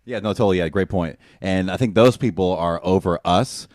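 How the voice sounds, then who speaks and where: Radio show regular, male, low voice, quick rambling storyteller. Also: darkish tone, no room sound, studio quality. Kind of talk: casual chat.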